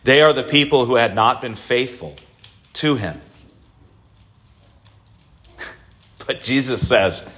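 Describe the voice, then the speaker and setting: A male pastor giving an Easter sermon, preaching in a deliberate, emphatic way and lifting his voice for stress. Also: medium pitch, expressive, fairly bright tone.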